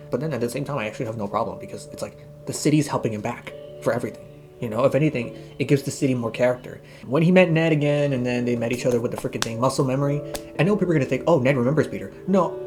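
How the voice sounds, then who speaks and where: A young man rattles through a casual movie review at a very fast clip, gushing and tearful, his voice catching as he cries. Faint guitar music plays underneath. His pitch sits in an ordinary middle range. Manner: excited, gushing, tearful, says bro. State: crying.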